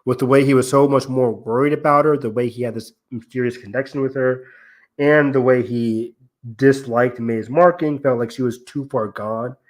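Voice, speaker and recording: A man's voice: medium pitch, steady tone, moderate pace. A man hosting a podcast in casual discussion, thinking aloud and rambling with lots of fillers. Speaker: podcast host.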